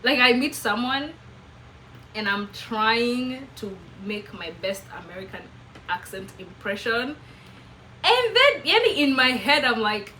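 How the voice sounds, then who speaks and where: A young Kenyan woman with a Kenyan English accent, telling a chatty, animated, self-mocking story to camera. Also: fairly high pitch, measured pace, a little hiss or hum, poor audio. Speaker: vlogger.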